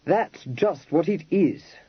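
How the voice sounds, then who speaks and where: A man playing a blunt young Regency dandy in an audiobook, clipping his slangy phrases short with a lively, up-and-down delivery. The voice sounds husky, in a dry, dull recording. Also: a little high, normal speed, no echo, pitched above the performer's own voice, full character voice.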